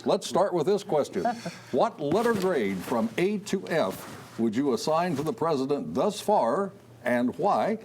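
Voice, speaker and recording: A man hosting a televised political panel, brisk and wry as he calls on each guest by name. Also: on the high side, sing-song, a little mellow, slight background noise. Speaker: TV panel host. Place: TV studio.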